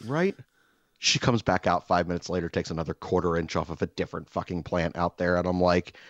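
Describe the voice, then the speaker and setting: A man co-hosting a podcast, telling stories in a casual, profane, exaggerated ranting way with loud bursts. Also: sits low, fairly quick, no echo, muffled recording. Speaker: podcast co-host. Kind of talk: casual storytelling chat.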